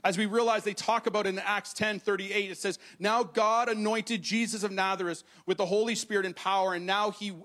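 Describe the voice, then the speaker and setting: A man's voice: high voice, a bit bright. A man preaching a sermon to a congregation, reading scripture aloud and explaining it in a conversational way. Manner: addresses the congregation directly. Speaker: pastor. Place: church hall with congregation.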